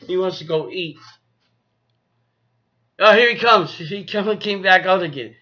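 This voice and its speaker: A man's voice: high-pitched, unhurried, sharp tone, muffled recording. A man rambling in a casual vlog, repeating himself and talking to his cat and his viewers. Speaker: vlogger. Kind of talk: casual vlog talk to camera.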